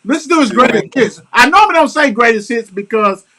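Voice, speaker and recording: A man's voice: extremely high pitch, animated, fairly quick, noisy background. A man hosting a casual talk show, blunt and slangy, talking emphatically with frequent profanity. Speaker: host. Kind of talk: casual sports-talk chat.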